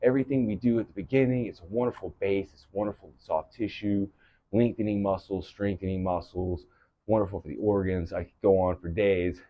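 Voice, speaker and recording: A man teaching yoga, giving calm breath-paced cues and gentle encouragement, out of breath. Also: low-pitched, fairly quick, no room sound, muffled recording. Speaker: yoga instructor. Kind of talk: guided yoga cueing.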